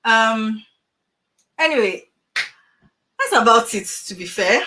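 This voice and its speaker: With a slightly high voice and a slow pace, a middle-aged woman working as a transformational coach addresses parents on a video call. Her talk is animated and motivational, full of emphatic rhetorical questions.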